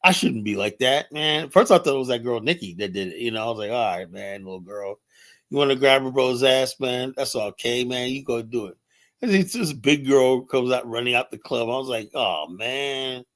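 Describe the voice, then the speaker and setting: A man's voice: mid-range voice, normal speed. Profane, laughing man telling club stories. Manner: laughing, profane, animated retelling with quoted voices. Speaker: streaming show host. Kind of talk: casual storytelling monologue. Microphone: streaming setup mic.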